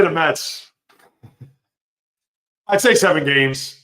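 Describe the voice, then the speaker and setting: A man hosting a live sports talk stream, reading chat comments and giving opinionated, animated reactions. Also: a little high, slow. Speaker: sports show host.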